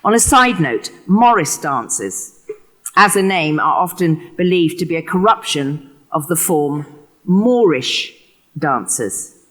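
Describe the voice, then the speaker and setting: Expressive English woman giving a lecture. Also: low voice, measured pace. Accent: West Country English. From England. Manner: expressive, acts out quotations. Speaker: keynote speaker. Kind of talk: prepared lecture.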